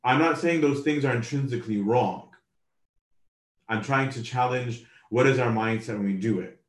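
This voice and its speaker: A man's voice: medium pitch, moderate pace. Casual preacher man in a roomy church. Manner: casual, conversational, acts out quoted voices. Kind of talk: sermon. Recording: roomy, from a distance.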